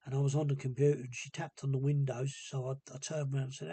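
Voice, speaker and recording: A man talking casually to camera in a hesitant, rambling and subdued way, with a gravelly, husky voice. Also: medium pitch, little pitch movement, quick pace, mellow, no echo. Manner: hesitant and rambling, many ums. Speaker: vlogger. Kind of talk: casual personal monologue.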